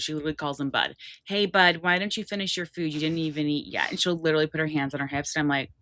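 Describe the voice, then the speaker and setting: A woman's voice: sits low, fairly even intonation, rapid-fire, sharp tone. A woman in her thirties co-hosting a podcast, chatting casually and animatedly, full of slang. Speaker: podcast co-host. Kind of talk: casual chat.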